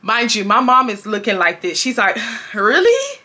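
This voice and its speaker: A woman in her twenties from Houston, telling a storytime to her viewers in casual slang, acting out what others said. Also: fairly quick. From Houston, Texas. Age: 20s. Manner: animated, slangy, acts out quotes with big pitch jumps. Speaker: storytime vlogger.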